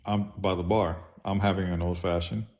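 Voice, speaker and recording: A man's voice: deep voice, fairly even intonation, normal speed, darkish tone. Laid-back man telling a bar story. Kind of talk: casual chat.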